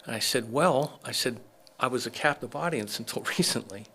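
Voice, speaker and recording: A middle-aged man with a bright, forward voice at an ordinary pitch, telling a long story in a podcast interview. He acts out what others said to him, lively and conversational. Faint noise sits under the recording. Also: moderate pace. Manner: animated storyteller acting out quoted dialogue. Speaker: chiropractor, podcast guest.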